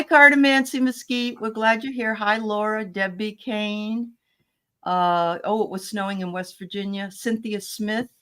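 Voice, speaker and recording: A woman's voice: medium pitch, a bit bright. Woman hosting a chill livestream, greeting folks by name, lots of ums. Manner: greets viewers by name, chatty, many fillers. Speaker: host. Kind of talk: casual livestream chat.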